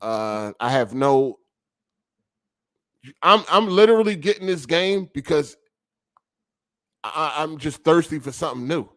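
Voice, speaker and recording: A man's voice: on the high side, animated, unhurried, pauses often, fairly bright tone. A man hosting a gaming podcast stream, talking casually with heavy swearing and slang, venting his frustration. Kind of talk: casual profane rant. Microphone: streaming setup over a weak connection.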